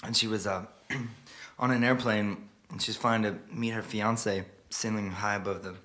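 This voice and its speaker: A man performing live, telling a story in a quiet, halting way before a song. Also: fairly low pitch, steady tone. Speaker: singer-songwriter performing live. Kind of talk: spoken story intro over guitar. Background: guitar playing.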